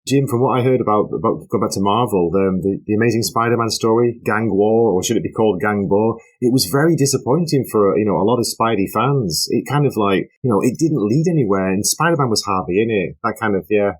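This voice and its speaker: A man co-hosting a comics podcast, hoarse after losing his voice, chatting in an easygoing way. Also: on the low side, fairly quick, few pauses, low-quality recording. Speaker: podcast co-host. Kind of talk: casual chat.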